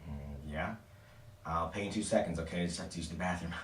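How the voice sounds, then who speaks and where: A man's voice: brisk, a little hiss or hum, lightly acted. A man voicing a nervous, asthmatic young woman who panics easily, in a spoken spooky story. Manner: frantic, high-pitched pleading. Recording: echoey room, mic at a distance.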